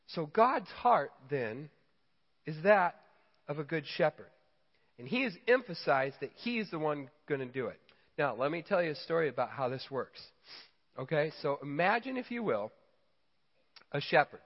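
A man preaching a sermon, telling stories and acting out quotes with lively emphasis. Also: fairly high pitch, normal speed. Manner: storytelling, animated quoting. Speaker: pastor. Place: church hall. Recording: dull sound in a reverberant church hall.

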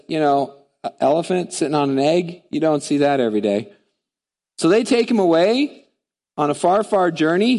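A pastor with a fairly high voice, telling a picture-book story to his congregation in a lively, casual manner. He mixes plain talk with read-aloud lines and turns it into a lesson. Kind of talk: sermon with a storybook retelling.

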